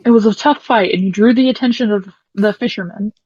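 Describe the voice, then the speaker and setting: A woman narrating as game master of a tabletop game, describing scenes in a relaxed way. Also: medium pitch, fairly quick, slightly rough, no room sound, highs cut off.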